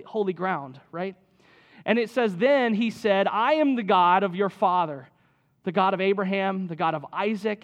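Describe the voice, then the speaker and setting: A man preaching a sermon in a conversational way, often checking in with "right?" as he reads and explains scripture. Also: high voice. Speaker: pastor.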